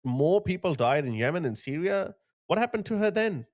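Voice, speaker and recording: A man's voice: big pitch swings, moderate pace, darkish tone. A man giving mocking reaction commentary on clips, now and then mimicking people he mocks. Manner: scornful, mocking, mimics others in a high voice. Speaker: political commentator.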